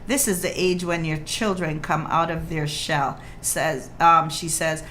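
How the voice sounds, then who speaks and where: A woman in her fifties hosting a radio talk show about parenting, playful and animated, often acting out her child's voice. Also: deep voice, measured pace, a little hiss or hum.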